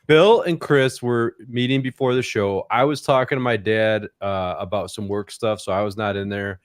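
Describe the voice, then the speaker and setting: A man's voice: on the low side, steady tone, moderate pace, no echo. A man hosting a casual podcast, steering the conversation and setting up the next story. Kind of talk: casual chat.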